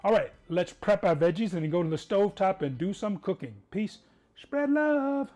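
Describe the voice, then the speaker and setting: Male cooking host, slightly high voice, chatty and upbeat, loose conversational asides. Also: quick pace, a little mellow, faint music behind. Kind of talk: casual cooking demonstration.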